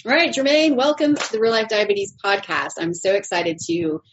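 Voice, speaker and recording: A woman's voice: mid-range voice, animated, moderate pace, dull audio, slight background noise. A woman hosting a podcast interview, talking in an upbeat, chatty way. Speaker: podcast host. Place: new recording setting with animals around.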